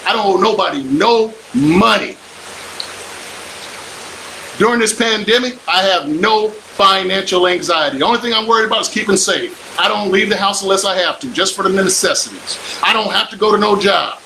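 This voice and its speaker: An older real estate investor and coach delivers a motivational live stream pitch in a bright, high, gravelly voice at normal speed. He's preachy and emphatic, repeating lines for effect. The low-quality recording carries a little hiss or hum.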